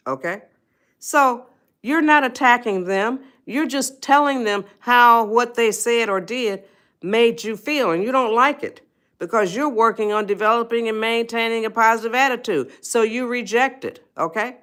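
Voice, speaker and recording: A woman's voice: on the high side, expressive, normal speed, fairly bright tone. A woman hosting a motivational live stream, coaxing and repeating herself as she talks straight to viewers in the chat. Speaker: host of a self-help live stream.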